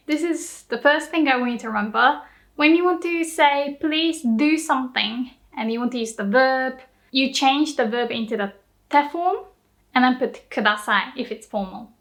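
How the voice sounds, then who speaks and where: A young woman with a Japanese accent, teaching Japanese in a casual lesson, slowly repeating example phrases. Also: high-pitched, fairly bright tone.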